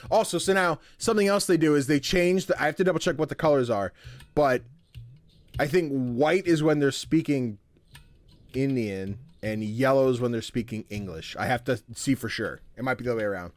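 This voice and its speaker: A man's voice: mid-range voice, brisk, a little hiss or hum. A young man chatting casually and self-deprecatingly as he streams a story game. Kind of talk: casual gameplay commentary.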